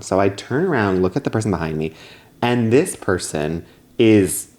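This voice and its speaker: A man's voice: fairly low pitch, expressive, normal speed. A young man co-hosting a podcast, telling a story in casual chat and acting out his own past lines. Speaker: podcast co-host.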